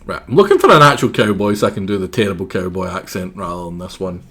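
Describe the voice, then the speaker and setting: A man's voice: deep voice, fast talker, pushed and bright, husky, faint music behind. A man casually commenting while streaming a game, joking and self-deprecating, his throat sore.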